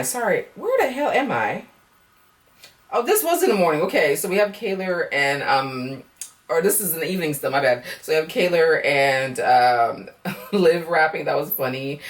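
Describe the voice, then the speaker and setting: A woman's voice: on the low side, distant mic. A woman giving a blunt, sassy casual recap of a reality dating show, swearing freely.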